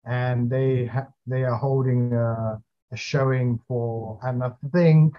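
A man's voice: medium pitch, steady tone, slow pace, dark tone, muffled recording. A man being interviewed as an actor, talking casually with many fillers and restarts.

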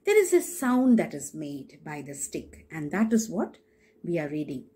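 A woman's voice: low voice, huge pitch swings, normal speed, warm tone, husky. A middle-aged woman teacher, reading a storybook to young children and explaining words as she goes. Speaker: primary school teacher.

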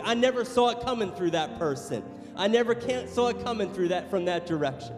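A man preaching a sermon as pastor in a church, passionate, moving between loud exhortation and quiet storytelling. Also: high-pitched, animated, brisk, few pauses. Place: church sanctuary. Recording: long hall reverb with music behind.

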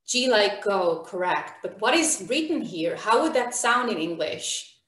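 A woman's voice: mid-range voice, sing-song, a little slow, a bit bright, roomy sound. A woman teaching an online beginner Hebrew class, encouraging and calling on students by name.

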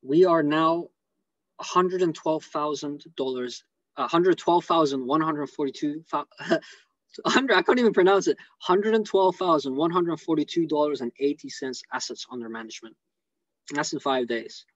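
A man with an English accent giving rambling, excitable commentary on a live stream over a video call. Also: a little high, moderate pace, no echo, muffled recording. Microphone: computer mic on a video call.

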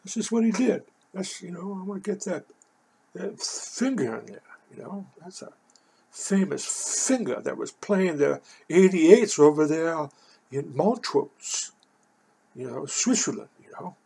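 Hoarse older man, husky and raspy, spinning a meandering personal yarn. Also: high voice, expressive, a little slow, warm tone. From Oakland, California. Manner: rambling, says "you know" constantly. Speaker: storyteller. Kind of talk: rambling personal storytelling.

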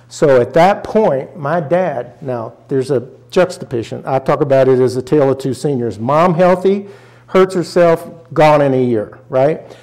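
A man's voice: fairly high pitch, lively intonation, moderate pace, a little mellow. An older man from rural Arkansas, a guest in an interview, telling a personal story earnestly and often getting choked up. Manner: earnest, emotional, often choked up, acts out quoted family voices.

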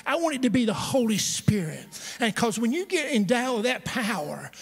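A man's voice: very high voice, very animated, moderate pace, vocal fry, slightly rough. A pastor preaching a storytelling sermon to his congregation, conversational and humorous, with asides to the listeners. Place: church sanctuary. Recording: long church hall reverb.

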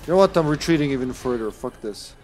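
A man commenting on his own online game as he plays, swearing often and sometimes shouting at the screen. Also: medium pitch, lively intonation, fast talker. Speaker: streamer. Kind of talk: live gameplay commentary.

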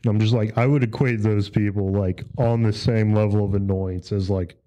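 A man's voice: lowish voice, fairly even intonation, moderate pace, mellow, dull audio. A man on a podcast, talking in a laid-back, rambling way with lots of fillers and swearing. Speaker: podcast host. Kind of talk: casual chat.

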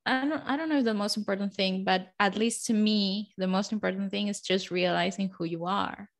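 A woman's voice: mid-range voice, a little fast, gravelly. A woman co-hosting a casual talk show, speaking in a thoughtful, reassuring way. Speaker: podcast co-host. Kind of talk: casual chat about manifestation.

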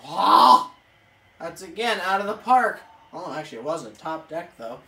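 A woman commentating her own video game play, excitable, swearing and yelling at the screen. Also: fairly low pitch, a little slow. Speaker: gaming video creator. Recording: echoey room, off-mic, faint hiss.

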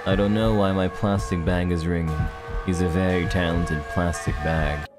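A man's voice: low voice, fairly even intonation, normal speed. A young man streaming a game, joking around and playing with tongue twisters over game music. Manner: playful, tongue-twister goofing. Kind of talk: casual gaming stream chat.

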